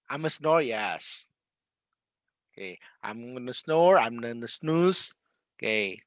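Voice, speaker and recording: A male English teacher, running a relaxed classroom lesson, patient and chatty with fillers along the way. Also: medium pitch, slow pace, long pauses, no room sound.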